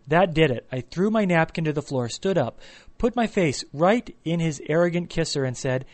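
Male narrator, wry comic storytelling, slightly higher pitch. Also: lively intonation, normal speed.

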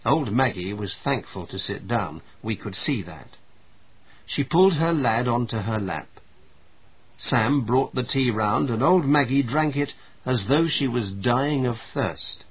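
A man narrates a story at an unhurried, measured pace. His voice is husky and mid-pitched, and the sound is narrow and tinny, like a phone line. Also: animated. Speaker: story reader.

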